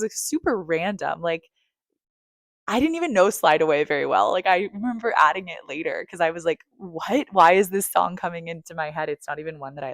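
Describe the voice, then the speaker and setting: A woman with a low voice speaks straight to the listener in a raw, confessional monologue. She swears freely and swings from near-whispers to loud, emphatic bursts. The sound is dry and close, with no room echo. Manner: emphatic and profane, swinging between hushed and loud. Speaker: vlogger.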